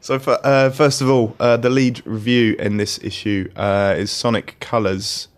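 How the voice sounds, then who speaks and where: A man's voice: mid-range voice, steady tone, unhurried. An English man hosting a casual podcast, introducing guests with dry, self-mocking jokes. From England. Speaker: podcast host, magazine editor in chief.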